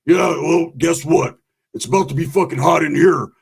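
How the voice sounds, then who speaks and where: A man throws in gruff wisecracks in a heavily gravelly, raspy voice, fairly high for a man. His tone stays casual and sardonic, and he talks like one of the crew sitting at the table. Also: brisk. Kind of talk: casual comedic banter.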